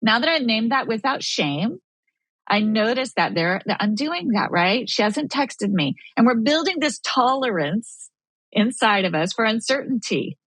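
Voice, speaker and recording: A woman with a higher, very animated voice explains with earnest, coaching warmth, often acting out little inner dialogues. Her tone is a bit breathy. The recording is dry and close. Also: unhurried, no echo, rough recording. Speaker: guest expert. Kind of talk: podcast conversation.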